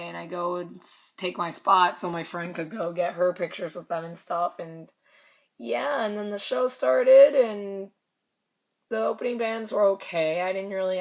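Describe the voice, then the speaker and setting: A woman's voice: on the low side, gravelly, a bit bright. Chatty young woman laughing through a story. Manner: chatty, laughs often, swears casually, lots of "like". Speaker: concert fan recounting a meet and greet. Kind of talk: casual storytelling vlog.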